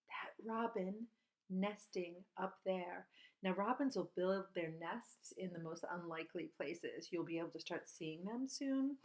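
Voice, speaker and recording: A woman teaching at an outdoor school, reading a bird picture book aloud and chatting about the birds, breaking into high bird calls and hushed whispers. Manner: shifts to hushed whisper for quiet parts.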